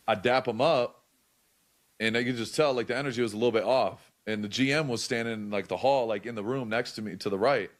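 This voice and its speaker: A young man with a fairly low voice tells a story in loose, casual talk. He swears freely and keeps circling back with likes and half-finished restarts. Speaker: podcast guest.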